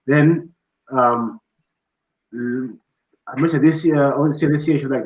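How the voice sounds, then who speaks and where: Lively middle-aged man, roomy dull sound. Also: fairly high pitch, a little fast. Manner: lively storyteller who acts out quotes. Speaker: show host. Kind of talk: casual chat.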